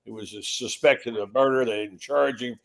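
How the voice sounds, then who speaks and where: A male sports writer sharing an insider story on a panel over a video call. His voice is mid-pitched and unhurried, confiding in tone, and he repeats words as he goes. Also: steady tone, gravelly.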